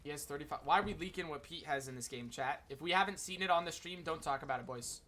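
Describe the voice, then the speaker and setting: Bright, rambling male streamer. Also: fairly high pitch, fast talker. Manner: rambling, many "like" fillers, talks to chat. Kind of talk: casual livestream chat commentary.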